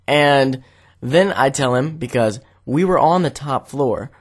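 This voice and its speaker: A man's voice: mid-range voice, unhurried. Young man telling a rambling story. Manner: rambling, many "like" fillers. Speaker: vlogger. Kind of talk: casual storytelling to camera.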